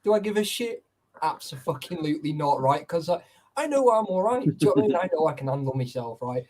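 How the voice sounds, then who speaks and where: A man telling a story in casual chat, animated and full of swearing. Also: fairly high pitch, fast. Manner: animated, heavy swearing, acts out quotes. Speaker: urban explorer telling a story.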